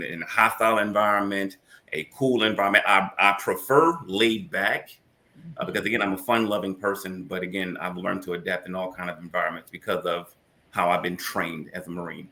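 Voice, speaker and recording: A man talks over a video call in a low voice with a bright, forward edge. He is a podcast guest and sounds steady and self-assured, laying out his points in a measured way. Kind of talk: casual group conversation.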